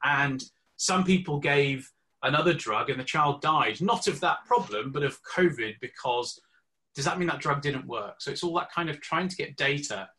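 A man's voice: fairly high pitch, expressive, moderate pace, sharp tone. A pediatric doctor, a man, argues his case on a panel in an emphatic way. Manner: emphatic, argumentative. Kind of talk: panel discussion argument.

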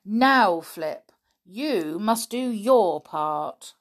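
A woman's voice: mid-range voice, expressive, drawn-out words, pitched above the performer's own voice. A woman voicing a mischievous, scheming male bunny in a children's storybook, cheeky and wheedling.

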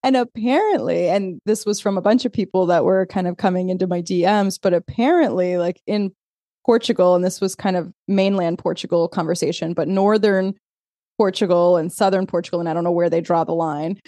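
A woman co-hosting a podcast in casual chat, telling a story with lively asides and acting out quoted exchanges. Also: fairly low pitch, brisk, no room sound. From Azores. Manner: animated storyteller, laughs often, acts out quoted texts. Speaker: podcast co-host.

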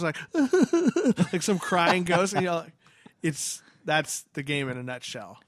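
A man's voice: fairly high pitch, lively intonation, moderate pace, no room sound. A man co-hosting a podcast in casual chat, laughing often and swearing as he acts out scared reactions. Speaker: podcast co-host.

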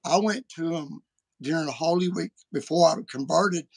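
A man hosting a podcast, talking in a casual, animated and folksy way. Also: on the high side, normal speed, husky. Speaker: podcast host. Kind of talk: casual chat.

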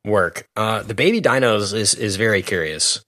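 A man's voice: on the low side, lively intonation, moderate pace, a bit bright, no room sound. Joking, rambling man reviewing a movie. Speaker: podcast co-host. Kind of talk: casual movie review chat.

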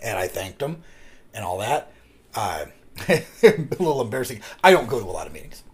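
A man's voice: fairly low pitch, big pitch swings, moderate pace. A man co-hosting a podcast, telling a rambling personal story in casual chat and swearing freely as he goes. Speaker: podcast co-host.

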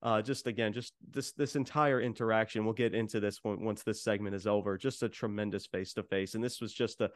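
A man's voice: fairly low pitch, fairly even intonation, brisk, hardly any pauses, dry recording, studio quality. A man on a podcast casually recapping a wrestling show, rambling with many fillers and acting out what was said. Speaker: podcast co-host.

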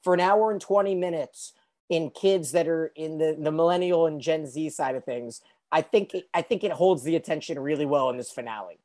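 A man's voice: a little high, a little fast, a little mellow. A man hosting a podcast in casual chat, talking loosely and often correcting himself. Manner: chatty, loose, self-correcting. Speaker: podcast host.

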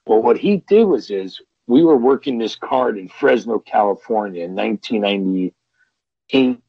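A middle-aged man tells wrestling road stories at an unhurried pace, with a gravelly, husky voice. He rambles, restarting and repeating words as he goes. The dry podcast audio sounds dull and lo-fi. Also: fairly low pitch, expressive, dry recording. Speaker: guest, veteran pro wrestler. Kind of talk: storytelling podcast interview.

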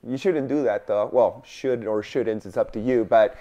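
A man's voice: mid-range voice, moderate pace, warm tone, muffled recording. A man hosting a podcast interview, encouraging and reflective, with many short affirmations. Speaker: podcast host. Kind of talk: casual interview chat.

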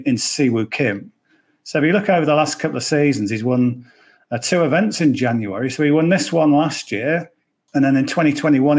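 A man with an English accent, a golf betting pundit chatting casually on a podcast, rambling with jokey asides. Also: medium pitch.

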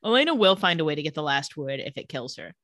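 A woman co-hosting a casual podcast, retelling TV scenes and slipping into quick quoted lines. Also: low-pitched, very animated, a bit bright, dry recording. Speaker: podcast co-host. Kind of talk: casual TV episode recap.

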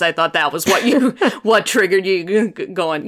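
A woman's voice: mid-range voice, expressive, moderate pace, few pauses, a bit bright. Chatty, jokey woman podcast host. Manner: chatty and jokey, laughs often. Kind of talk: casual chat.

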